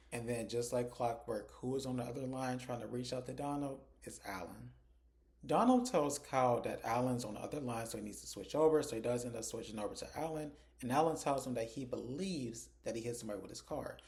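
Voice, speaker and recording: A man reviewing a TV episode in casual speech. His voice is mellow and relaxed, and he sits at an ordinary middle pitch. He retells scenes in a chatty way, slipping into the characters' lines as he goes. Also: a little fast. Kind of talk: casual spoken episode recap.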